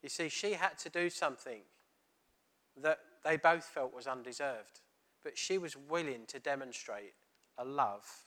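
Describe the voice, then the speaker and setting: Delivering a sermon at a measured pace, a middle-aged man in a mid-range voice works through a story. As a preacher, he's animated and retells the dialogue by acting it out.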